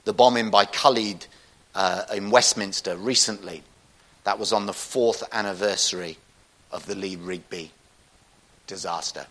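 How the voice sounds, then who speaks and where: A man's voice: fairly low pitch, steady tone, measured pace, a bit bright, low-quality recording. A man giving a public talk with slides, speaking in a conversational, earnest way with frequent restarts.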